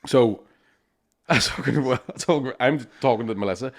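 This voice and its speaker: A man's voice: mid-range voice, moderate pace. An Irish man telling a rowdy story in casual chat, swearing constantly, tagging lines with "right?" and acting out other people's voices. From Ireland. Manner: swears constantly, keeps asking "right?", acts out quoted voices. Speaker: podcast co-host telling a story.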